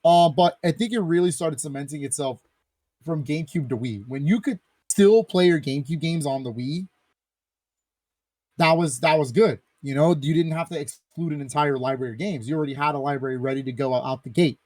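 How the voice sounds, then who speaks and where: A young man hosting a gaming podcast, talking in a casual, animated and jokey way. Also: on the high side, brisk, dry recording. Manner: animated, jokey, playing a game while talking. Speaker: podcast host. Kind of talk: casual chat.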